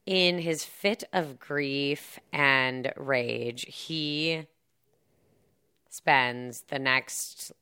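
A woman's voice: sits low, drawn-out words, creaky, bright, forceful tone, smooth. A woman casually recapping a film plot in a chatty, sarcastic way, full of fillers and asides. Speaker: podcast co-host recapping a film. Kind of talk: casual chat.

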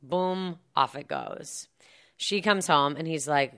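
A woman's voice: deep voice, huge pitch swings, slow pace, a bit bright. A woman casually recapping a film plot in a chatty, sarcastic way, full of fillers and asides. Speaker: podcast co-host recapping a film. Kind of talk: casual chat.

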